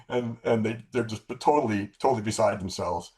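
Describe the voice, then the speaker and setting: Gravelly older man telling war stories. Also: mid-range voice, measured pace, long pauses. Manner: relaxed anecdotes with frequent restarts and profanity. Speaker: former fighter-bomber pilot, guest. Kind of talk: casual storytelling interview.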